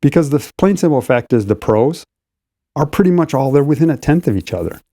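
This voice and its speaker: An older man, co-host and racing competition director, explaining race strategy in a measured, casual way. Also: medium pitch, animated, dark tone, dry recording, studio quality. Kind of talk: casual podcast chat.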